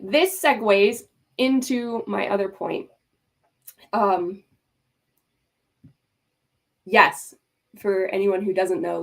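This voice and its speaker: A woman hosting a livestream, ranting in exasperated, emphatic commentary, swearing freely and breaking off to talk to her chat. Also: medium pitch. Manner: talks to chat and mods mid-rant. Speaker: livestream host.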